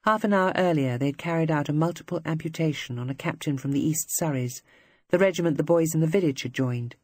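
An audiobook narrator reading scripted literary prose in a measured, even manner. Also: mid-range voice, no room sound.

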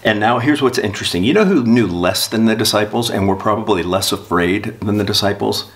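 Man, pastor, low deep voice, church sermon, reads passages aloud, leads prayer. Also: fast, hardly any pauses, a bit bright. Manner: reads aloud from a storybook and a catechism, then prays.

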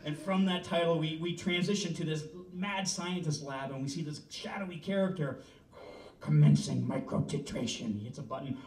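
A man from Canada, a film director, pitching a story to an audience in a loose, joking, casually swearing way. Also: normal speed, a little mellow. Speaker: film director giving a talk. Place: presentation room. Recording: roomy, from far off, faint rumble.

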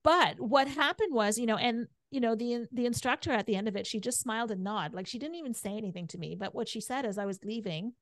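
A woman's voice: a little high, fast, few pauses, no room sound, clean studio sound. A middle-aged woman guesting on a podcast, telling her story candidly and chattily, with "like" and "right?" in nearly every sentence.

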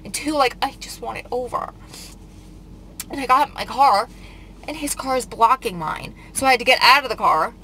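A woman's voice: on the high side, normal speed, sharp tone, a little hiss or hum, poor audio. A woman vlogger telling a painful story in a casual confessional vlog, upset and rambling with many filler words.

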